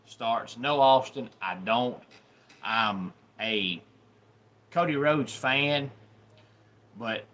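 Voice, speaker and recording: Southern guy doing a chatty live stream, lowish but bright voice, says hey to chat by name. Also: slight background noise. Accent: Southern American. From Deep South, USA. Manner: chatty, greets viewers by name. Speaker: livestream host. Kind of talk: casual live-stream sports talk.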